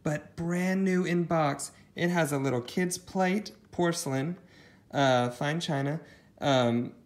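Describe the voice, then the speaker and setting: A man's voice: fairly high pitch, slow. Man, thrift reseller, casual haul vlog, rambly, lots of ums and asides.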